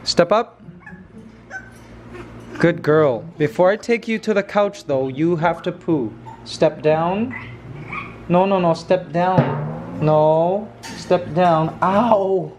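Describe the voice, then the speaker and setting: A man's voice: high-pitched, slow, pauses often, a little mellow, slight background noise. A man in a casual home vlog, talking playfully and coaxing his pet parrot. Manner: playful, sings snatches of carols. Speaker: vlogger.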